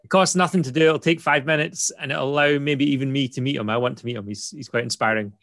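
A man's voice: mid-range voice, steady tone, quick pace, a bit bright, dry recording. A British man hosting a casual chat, upbeat and persuasive, often checking in with "right?". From Britain. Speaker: host.

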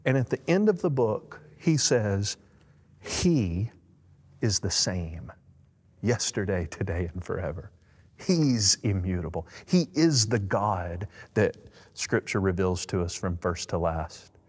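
A man's voice: sits low, animated, slow, breathy edge. A man answering in a preaching style, emphatic and fervent, rising on key words. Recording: long echo.

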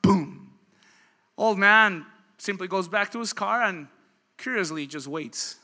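Bright, high-voiced preacher building to emphatic peaks. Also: male voice, slow pace. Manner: dynamic storytelling, building to loud emphatic peaks. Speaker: pastor. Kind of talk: sermon.

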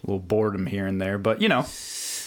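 A man's voice: on the low side, fast. A man co-hosting a podcast in casual chat, laughing often. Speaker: podcast co-host.

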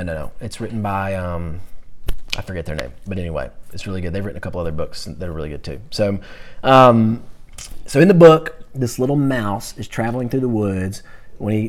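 A man teaching a Bible class in a conversational, animated way, talking back and forth with his students. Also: lowish voice.

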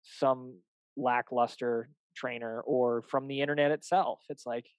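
A man's voice: medium pitch, fairly even intonation, unhurried, clean tone, no echo, poor audio. A young adult man, a fitness coach, chatting casually and animatedly, acting out little dialogues with clients and swearing now and then. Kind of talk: casual podcast chat.

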